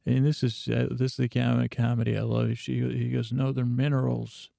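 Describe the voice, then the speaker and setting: This podcast host talks fairly quickly in a medium-pitched, gravelly voice, rambling through a bedtime recap in a flat monotone and leaning heavily on fillers. There is no room sound, just a clean studio recording.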